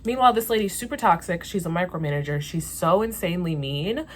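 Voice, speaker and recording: A woman's voice: on the low side, quick pace, slight background noise. A young woman vlogger telling a story in casual chat, venting candidly and swearing freely.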